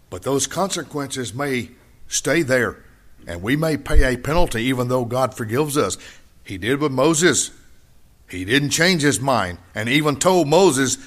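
A man preaching a sermon, repeating key phrases and swinging between loud high emphasis and quiet low asides. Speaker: pastor.

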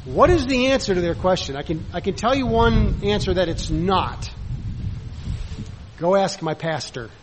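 A man's voice: sits high, expressive, normal speed, background noise. A man preaching a sermon in a conversational way, full of rhetorical questions and acted-out bits of dialogue.

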